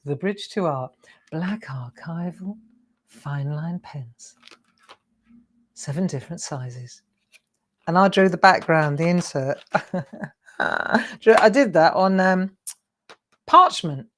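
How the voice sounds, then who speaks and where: A woman's voice: on the low side, expressive, takes it slowly, long pauses. A middle-aged woman hosting a live craft show, chatty, encouraging and self-deprecating as she demonstrates.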